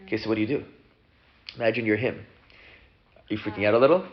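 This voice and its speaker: A man, a rabbi, casually teaching a class and acting out the people in his story. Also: quick pace. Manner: animated, acts out characters with big pitch jumps. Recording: dull lo-fi room recording.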